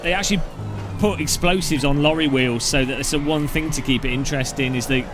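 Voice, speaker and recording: A British man chatting his way through a sim race, his voice sitting a little higher than most men's. He rambles, jokes and slips into silly travel stories, with faint music playing softly behind him. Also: brisk. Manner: chatty, joking, rambling anecdotes. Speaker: sim racing streamer. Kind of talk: casual gameplay commentary.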